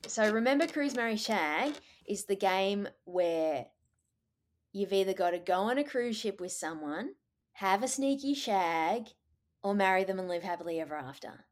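A woman's voice: medium pitch, lively intonation, moderate pace. A woman co-hosting a comedy podcast, playful and teasing in casual chat. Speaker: podcast co-host.

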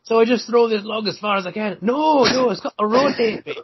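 A man voicing a dim, excitable Scottish log-thrower in a deliberately bad, exaggerated Scottish accent. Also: sits high, highs cut off, noisy background, voice pushed up. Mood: silly, mocking.

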